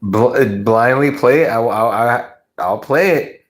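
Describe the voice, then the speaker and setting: A livestream host with a medium-pitched voice talks somewhat slowly in a casual chat with his viewers. He rambles and stammers throughout, swearing freely as he goes.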